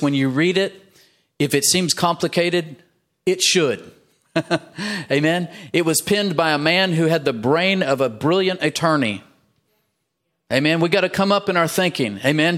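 A man's voice: fairly high pitch, fairly bright tone. A man pastor preaching a sermon in a church, emphatic, punctuating his points with "amen" and rising for emphasis.

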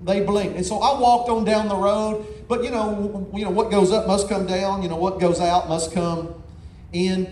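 A man with a high voice preaching to a congregation in a big, echoey hall. He tells stories in a folksy, animated way, often stumbling over and repeating his words. A faint room ambience sits under his voice. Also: normal speed, a little hiss or hum. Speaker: pastor. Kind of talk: sermon. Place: large church hall.

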